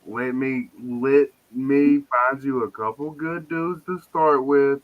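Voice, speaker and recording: A man's voice: mid-range voice, steady tone, slow pace. Man, profane and joking, live stream chat, muffled lo-fi sound. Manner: profane, loud, joking banter. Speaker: podcast guest.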